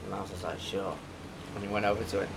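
A man's voice: low-pitched, little pitch movement, fast talker, gravelly, noisy background. A man, co-hosting a casual podcast and telling stories with a dry, mumbling humour. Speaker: podcast co-host. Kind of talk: casual banter.

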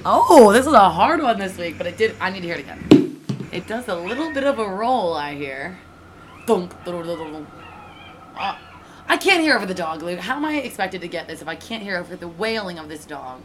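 A woman co-hosting a podcast, chatting casually in a teasing, lively way. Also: lowish voice. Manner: teasing, lively, quick laughs. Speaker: podcast co-host. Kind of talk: casual chat. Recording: faint background noise.

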